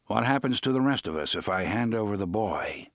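A man voicing a grim, steady male gunslinger who asks cold, clipped questions. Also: on the low side, brisk, no room sound, studio quality.

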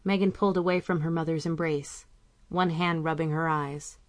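A woman reading a novel aloud in calm, measured audiobook narration. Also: low-pitched, no room sound.

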